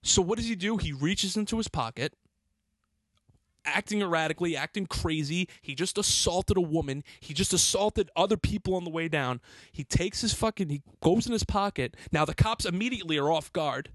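A man, host of a podcast, telling a heated, profane story in an excitable way. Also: high-pitched, normal speed, no echo.

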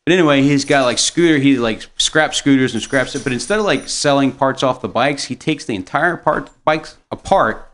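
A young adult man telling a rambling, animated story in casual chat, swearing and laughing often. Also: medium pitch, moderate pace, few pauses.

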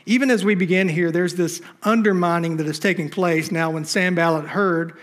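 A male pastor preaching from a church stage. His voice sits on the high side of a man's. He drives his points home with emphasis and keeps turning to the congregation with rhetorical questions. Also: steady tone, moderate pace. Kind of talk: sermon.

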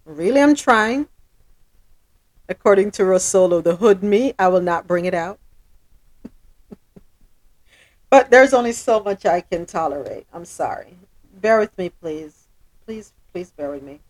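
A woman hosting a casual talk show, venting her frustration, apologizing to her listeners and speaking emphatically. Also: mid-range voice. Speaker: podcast host.

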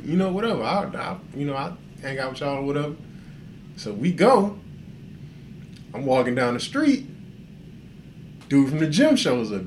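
Animated, profane podcast storyteller man. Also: mid-range voice, slight background noise. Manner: profane, laughing, acts out dialogue. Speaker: podcast co-host. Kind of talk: casual storytelling rant.

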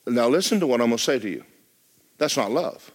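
A man's voice: medium pitch, expressive, brisk. A man preaching a sermon as pastor of a church, talking straight to the congregation with joking asides.

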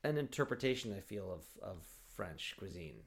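Gravelly low-voiced man telling stories. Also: animated, moderate pace. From Oregon, USA. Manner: rambling storyteller, many fillers and restarts. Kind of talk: casual chat.

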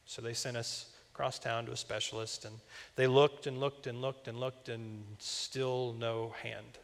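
A young campus minister speaks in a gravelly, mid-range voice, flat and unhurried, as he preaches. His sermon is conversational, mixing personal stories with asides, and the recording has the long reverb of a large church hall.

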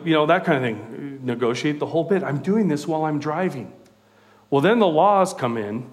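Animated, high-pitched storytelling pastor. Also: male voice, moderate pace. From California. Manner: conversational, animated storytelling preacher. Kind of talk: sermon.

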